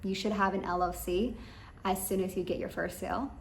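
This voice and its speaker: A woman's voice: medium pitch, level tone, fairly quick, vocal fry. Rambling woman in an echoey room. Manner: rambling, emphatic, talks straight to listeners. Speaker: business coach. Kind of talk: advice monologue. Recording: echoey room with faint ambient noise.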